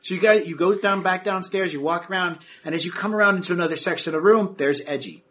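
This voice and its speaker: A male game master narrates a tabletop role-playing game in a casual, halting way with plenty of fillers. His voice is bright and forceful, and it sits a little high for a man.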